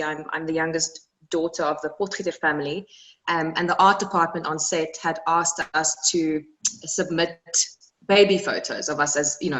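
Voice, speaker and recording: Young south african woman, interview guest, earnest and reflective, lowish voice. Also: a bit bright, rough recording. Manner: reflective, earnest, repeats words when moved. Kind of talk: emotional personal storytelling.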